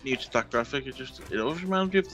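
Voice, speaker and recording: A man from the UK co-hosting a podcast, sharing relaxed anecdotes in casual chat. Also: mid-range voice, racing, soft background music. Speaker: podcast co-host.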